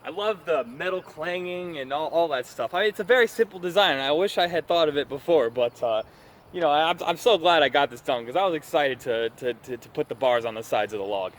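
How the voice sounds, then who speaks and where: A man's voice: on the high side, expressive, a little fast, a little hiss or hum. A man talking casually to a camera in an outdoor backyard gym, rambling and self-deprecating about his homemade workout gear. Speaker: home workout vlogger.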